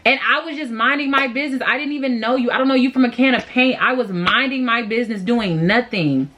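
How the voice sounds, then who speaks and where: A woman's voice: a little high, brisk, highs cut off. Sassy, venting young woman vlogger. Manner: animated, sassy, exasperated venting. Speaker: beauty vlogger. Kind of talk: casual storytime while doing makeup.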